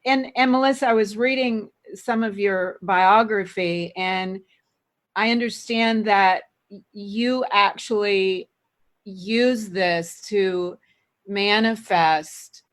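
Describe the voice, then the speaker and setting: A woman hosting a podcast, asking her guest questions in halting speech that restarts phrases. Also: mid-range voice. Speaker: podcast host. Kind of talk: interview questions.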